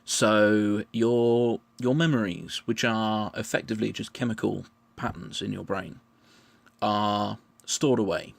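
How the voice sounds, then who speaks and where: A man explaining his answers in a measured, patient monologue, often restarting his phrases. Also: lowish voice, creaky. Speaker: vlogger answering questions.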